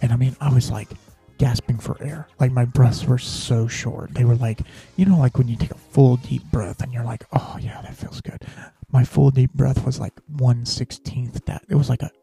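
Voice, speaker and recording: A man's voice: medium pitch, steady tone, normal speed, vocal fry, warm tone, husky, no room sound, faint music behind. A man hosting a podcast, telling a personal story in a rambling, casual way, full of fillers and restarts. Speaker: podcast host.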